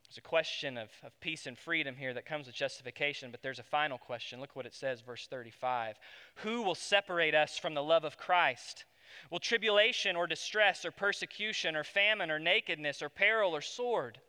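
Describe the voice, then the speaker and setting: A man's voice: a little high, brisk, clean tone. Man preaching in a reverberant hall. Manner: preaching with wide swings between loud emphasis and hushed tones. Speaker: pastor. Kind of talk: sermon.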